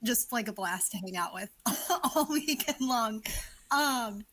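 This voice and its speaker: A young woman co-hosting a podcast, chatting in an animated, expressive way. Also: fairly high pitch, slow pace. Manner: animated, expressive, laughs often. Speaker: podcast co-host. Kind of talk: casual chat.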